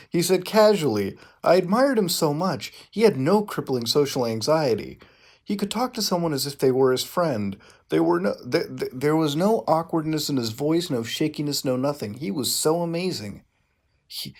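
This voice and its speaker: A man with a gravelly, creaky voice reads fan fiction aloud for laughs. He keeps breaking off into exasperated, profane asides. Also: medium pitch, lively intonation, moderate pace. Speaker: YouTuber. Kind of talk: comedic reading of fan fiction with commentary.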